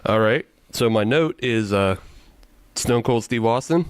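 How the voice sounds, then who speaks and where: A man's voice: mid-range voice, expressive, a little slow, smooth, dry recording. A man co-hosting a casual beer-tasting podcast, wry and teasing, laughing often. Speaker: podcast co-host.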